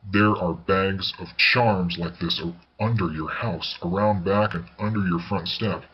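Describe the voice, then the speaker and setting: A man reading a storybook voices a kind old grandmother who speaks calmly and gently. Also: deep voice, a little slow, breathy edge, lo-fi sound, exaggerated voice. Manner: calm, gentle, soothing. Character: kindly old grandmother who does conjuring.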